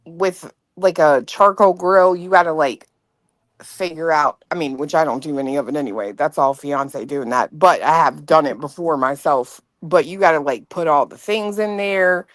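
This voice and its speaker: A woman's voice: deep voice, moderate pace, dry recording. A woman guest chatting casually and animatedly, swearing now and then. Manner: animated, swears, talks in quoted asides. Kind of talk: casual chat.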